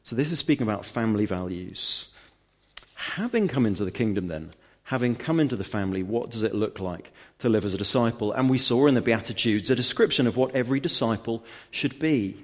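A man's voice: medium pitch, animated, brisk. A man preaching a sermon to his church, explaining scripture earnestly with rhetorical questions and emphatic repetition.

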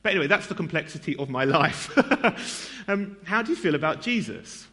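A man's voice: a little high, animated, normal speed, fairly bright tone. A man giving a conversational sermon in a church, self-deprecating and chatty, with lots of fillers and asides to the congregation. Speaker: preacher.

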